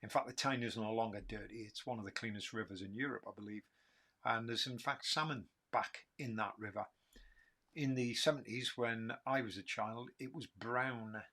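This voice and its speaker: A man's voice: on the low side, steady tone, moderate pace, bright, forceful tone. A man in his fifties with a Geordie accent from Newcastle, hosting a casual livestream Q&A, rambling and joking at his own expense. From Newcastle, England. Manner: rambling, self-mocking, laughs often. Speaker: livestream host answering questions.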